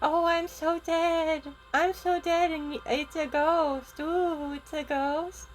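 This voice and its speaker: A woman's voice: flat delivery, slow, soft background music. A woman voicing Gizmo, a panicky little boy hiding and shrilly denying he is there. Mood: panicked. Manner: frantic, shrill denials.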